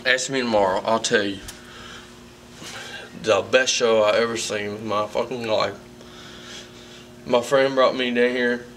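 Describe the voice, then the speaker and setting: A man's voice: mid-range voice, fairly even intonation, measured pace, pauses often, a bit bright, close to an everyday voice. A man playing a drunk, rambling male fan with a Southern accent, swearing and repeating himself in a comedic monologue, heard from a distance. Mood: drunken rambling. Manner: rambling, profane, repetitive. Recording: distant mic with faint background noise.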